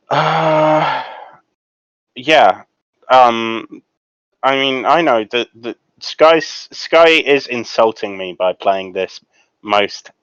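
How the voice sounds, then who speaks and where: A man describes his character's moves in a tabletop game, talking very slowly with frequent ums and pauses. His voice is smooth and clear. It comes through a dull, dry, lo-fi mic. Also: medium pitch, a bit bright, no echo. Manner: slow and hesitant, many ums. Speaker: player. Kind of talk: casual tabletop play.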